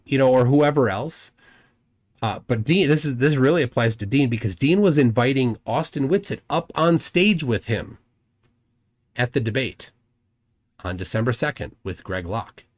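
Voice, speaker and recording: A livestream host with a mid-range, expressive voice rambles through commentary at a moderate pace. He reads chat comments aloud and often repeats words as he goes.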